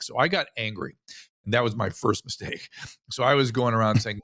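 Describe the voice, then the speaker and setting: A physician from the United States speaking as an interview guest, telling a story animatedly with frequent restarts. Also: male voice, mid-range voice, fairly quick, a bit bright, no echo, studio quality. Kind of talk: casual interview conversation.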